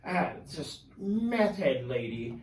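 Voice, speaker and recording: Animated man telling stories in an echoey room. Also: fairly high pitch, takes it slowly, a little hiss or hum. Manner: animated, swears freely, full of fillers. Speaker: podcast guest, pro wrestler. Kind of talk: casual storytelling chat. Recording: echoey room, mic at a distance.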